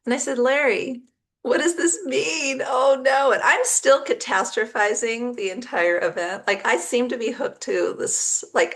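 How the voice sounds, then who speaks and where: A middle-aged woman tells a personal story straight to camera in a relaxed, chatty way. Her voice sits at an ordinary pitch and carries a slightly gravelly texture. She slips into the voices of the people she is quoting, with gasps and little laughs along the way. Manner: animated, acts out quoted dialogue with gasps and laughs. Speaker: vlogger telling a personal story.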